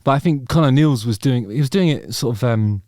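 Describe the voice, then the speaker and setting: A man's voice: medium pitch, a little fast, a little mellow. A man hosting his channel, talking through a song in a rambling, wry way with lots of ums and casual swearing. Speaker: channel host. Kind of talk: casual reaction commentary.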